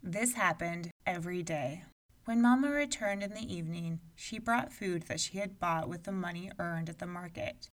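A woman narrating a storybook aloud in an expressive, measured way. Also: lowish voice, distant mic.

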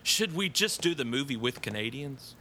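Bright lively man, podcast host. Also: mid-range voice, normal speed, a little hiss or hum. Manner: teasing, laughs often. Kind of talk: casual joking chat.

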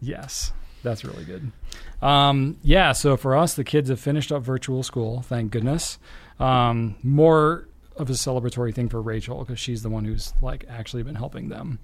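A man's voice: medium pitch, fairly even intonation, no room sound. A man co-hosting a podcast in casual chat, wry and teasing, slipping into an exasperated dad voice when quoting himself. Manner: wry, teasing, quick to laugh. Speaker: podcast co-host.

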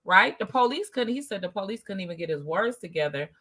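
A woman's voice: mid-range voice, expressive, fast talker, a bit bright. A woman in casual conversation, telling stories animatedly and acting out quoted exchanges.

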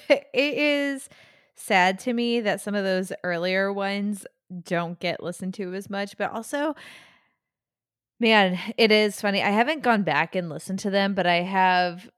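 A woman's voice: medium pitch, a little slow, smooth, dry recording, studio quality. A young woman co-hosting a podcast, chatting casually with many "like" fillers over a remote recording. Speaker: podcast co-host. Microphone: remote call, home mic.

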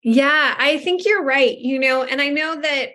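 A woman's voice: sits high, measured pace, bright, forceful tone. A woman hosting a podcast interview, chatting and telling a rambling story about her work as a speech therapist. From Southern California. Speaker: podcast host, speech-language pathologist. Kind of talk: conversational interview.

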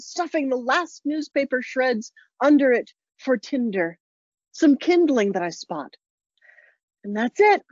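Slow, high-voiced woman reading tenderly. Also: darkish tone, no room sound, muffled recording. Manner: tender, heartfelt, often close to tears. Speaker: storyteller. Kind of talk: reading a personal story aloud to a room.

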